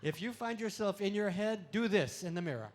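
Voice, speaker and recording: A man giving a playful talk to an audience at an expo, full of deadpan puns and laughter exercises, speaking into a handheld mic. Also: high voice, fairly quick, a little hiss or hum. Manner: pun-filled deadpan jokes. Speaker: comedic spiritual speaker.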